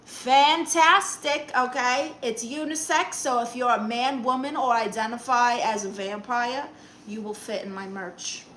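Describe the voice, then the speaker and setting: A woman's voice: a little high, fairly even intonation, normal speed, fairly bright tone, slight background noise, poor audio. A woman comedian hosting a casual live stream, reading viewer comments in a sassy, teasing, chatty way. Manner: breaks into exaggerated put-on quote voices.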